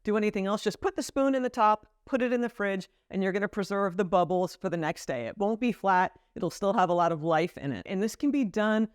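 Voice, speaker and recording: A woman's voice: mid-range voice, brisk, hardly any pauses, no room sound. Chatty American woman, dry close sound. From United States. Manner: chatty, light and explanatory. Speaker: vlogger. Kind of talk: casual vlog talk to camera. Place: home in France.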